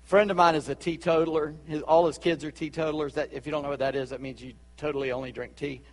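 A man with a Charleston Southern accent preaching a sermon as a pastor, chatty with asides and quick laughs. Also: fairly high pitch, flat delivery, long reverb tail. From Charleston, South Carolina.

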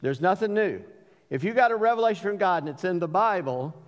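A middle-aged man preaching a sermon in a folksy storytelling manner, rising higher as he quotes scripture. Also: lively intonation, a little fast. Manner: folksy storytelling preacher, rises in pitch when quoting. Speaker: pastor. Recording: reverberant church hall.

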